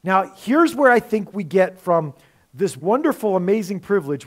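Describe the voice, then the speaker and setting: High-voiced pastor preaching conversationally. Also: male voice, animated, moderate pace. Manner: conversational preaching with rhetorical questions. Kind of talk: sermon.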